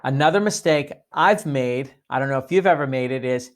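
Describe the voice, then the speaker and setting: Guy running a sales training, coaching tone, middle pitch, talks it through step by step. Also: animated, fairly quick. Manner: coaching, demonstrates phone lines. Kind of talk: training talk.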